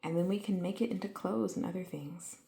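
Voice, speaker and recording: A woman giving a calm, gentle lesson to small children, speaking softly and often half-whispering, and playfully imitating animal sounds. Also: lowish voice, fairly quick, vocal fry, slight background noise. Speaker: children's educator.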